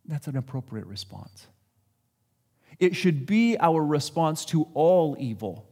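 Male pastor, high and animated voice, chatty sermon delivery with acted-out asides. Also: slow pace. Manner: conversational, self-deprecating preaching with acted-out quotes.

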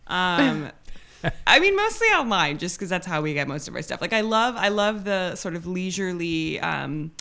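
A woman's voice: lowish voice, sing-song, moderate pace, gravelly, bright, forceful tone. A woman in her thirties, a guest in a casual interview, chatting in a rambling way with lots of "like". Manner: chatty, rambling, fills speech with "like".

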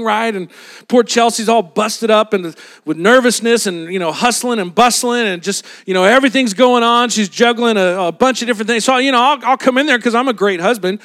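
A man's voice: extremely high pitch, a bit bright. A young man preaching a sermon as a pastor, telling a Bible story in a casual, humorous way and acting out the voices of the people in it.

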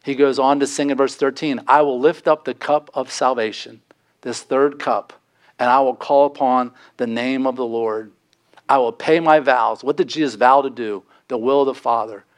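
A man's voice: medium pitch, fairly even intonation, normal speed. A man preaching a sermon, earnest and pleading, his voice climbing for emphasis. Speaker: pastor.

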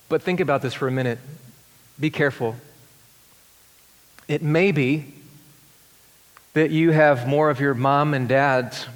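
A man preaching a sermon as pastor, swinging between excited rising questions and hushed, tender passages. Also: medium pitch. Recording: long hall reverb.

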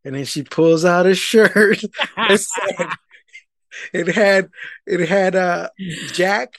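A man, telling a casual, profane story and loudly acting out the people in it. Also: high voice, slow, gravelly, no room sound, clean studio sound. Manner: animated, profane, rant-like, acts out quoted people loudly. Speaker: podcast co-host telling a story.

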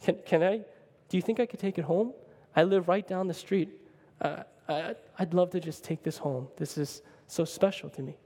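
A man voicing a shy, tender woman who speaks softly and haltingly, in a sermon story. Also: high voice, big-room sound. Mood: timid, touched. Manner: soft, hesitant, halting. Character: shy, tender woman overwhelmed on her birthday.

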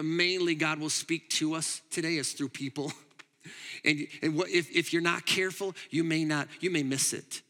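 Bright, animated male pastor. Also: fairly high pitch, big-room sound. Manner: animated and emphatic, with frequent laughs. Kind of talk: sermon.

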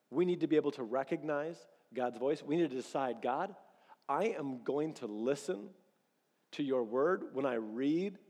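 A man preaching a sermon as pastor, telling lively stories and acting out bits of dialogue. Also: medium pitch, in a large hall. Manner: animated storytelling, acts out quoted dialogue.

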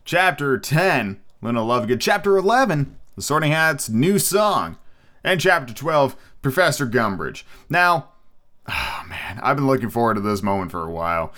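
A man hosting a podcast in a loose, jokey, casual manner, swearing freely. He sounds tired and slightly hoarse. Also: mid-range voice, big pitch swings, moderate pace, a bit bright. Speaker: podcast host.

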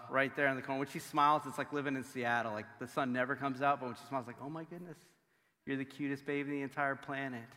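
Pastor, man in his 30s, chatty and animated, bright forceful tone, booming church reverb. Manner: conversational, filler-heavy, animated storytelling. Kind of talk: sermon with humorous family stories. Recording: long hall reverb.

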